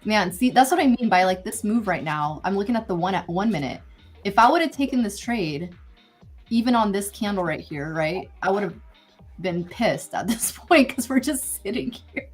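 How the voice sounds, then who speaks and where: A woman's voice: mid-range voice, expressive, moderate pace, slightly rough, faint music behind. A woman hosting a live trading stream, thinking aloud about the market in a chatty, easygoing way. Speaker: host trader. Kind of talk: casual live trading commentary.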